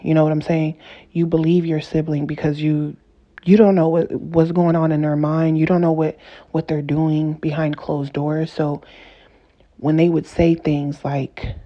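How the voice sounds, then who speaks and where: In a muffled recording, a woman with a low-sitting voice delivers a personal vlog monologue at a measured pace and level tone. She's earnest and casual, leaning on repetition and rephrasing for emphasis.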